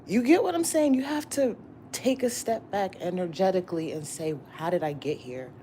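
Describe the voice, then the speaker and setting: A woman's voice: on the low side, lively intonation, normal speed, mellow, a little hiss or hum. A woman tarot reader giving a casual morning pep talk to her viewers, slangy and profane, repeating herself for emphasis. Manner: repetitive and emphatic, often asking "you get what I'm saying?".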